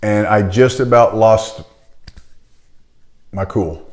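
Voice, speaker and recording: A man's voice: fairly low pitch, slow. A middle-aged man who coaches chiropractors, giving a blunt, emphatic motivational talk.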